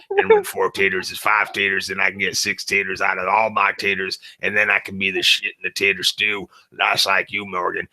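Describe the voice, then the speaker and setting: A simple-minded man rambles on in nonsense in a low, droning voice, as a man puts him on for a laugh. His tone is bright and edgy, and he drawls the words out. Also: creaky, full character voice. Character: rambling dim-witted man babbling about potatoes.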